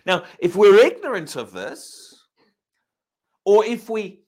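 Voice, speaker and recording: A man preaches at a slow pace in a high, very animated, slightly mellow voice. Addressing the congregation with rhetorical questions, the pastor repeats himself, restarts phrases, and elongates key words for emphasis.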